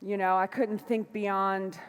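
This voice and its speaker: A woman giving a motivational stage talk to a live audience, fiery and emphatic, moving between shouts and soft asides. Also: medium pitch, flat delivery, slow, smooth, big-room sound. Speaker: motivational speaker. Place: large hall before a live audience.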